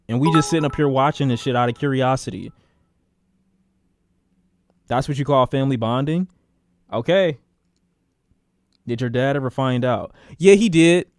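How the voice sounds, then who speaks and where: A man streaming a casual storytime, animated and profane, repeating phrases for emphasis. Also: medium pitch.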